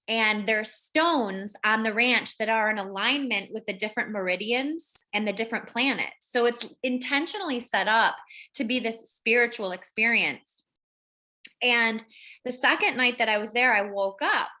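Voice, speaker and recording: Her voice runs a little high, pushed and bright, as she hosts a wellness group on a video call. The chat is casual, and she wanders through a rambling story packed with filler words.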